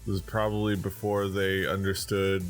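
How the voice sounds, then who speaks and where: A man's voice: low-pitched, level tone, moderate pace, faint music behind. A man co-hosting a casual podcast, opening baseball card packs in an easygoing way, laughing often and trailing off mid-thought. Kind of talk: casual chat.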